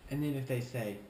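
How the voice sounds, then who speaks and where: Comedic smug shoe clerk, played by a man, drawling slowly and talking down to everyone. Recorded with room echo. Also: medium pitch, darkish tone, natural voice. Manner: slow, deliberate, condescending, smug. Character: smug, self-important male shoe store clerk. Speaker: shoe store employee character. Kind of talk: comedic vlog monologue. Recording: roomy echo, faint ambience.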